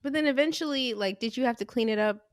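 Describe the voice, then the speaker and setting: A woman's voice: a little high, quick pace, no room sound, clean studio sound. A young woman, a daughter co-hosting a family podcast, who giggles a lot and asks short follow-up questions in casual chat.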